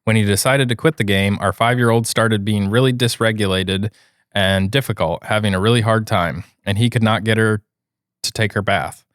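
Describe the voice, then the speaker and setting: A man co-hosting a podcast, reading a post aloud in a steady way and then giving his views in relaxed chat. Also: fairly low pitch, normal speed, clean tone, no room sound, studio quality. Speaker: podcast co-host reading stories.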